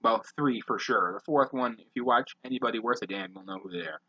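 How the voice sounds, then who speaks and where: A man hosting a podcast, briskly reading off a long list of names with blunt, profane asides. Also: medium pitch, bright, forceful tone, muffled recording. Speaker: podcast host.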